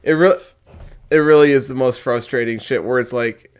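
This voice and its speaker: A man's voice: medium pitch, normal speed, clean tone. A young man chatting casually on a podcast, rambling and exasperated, swearing often. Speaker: podcast co-host. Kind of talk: casual chat.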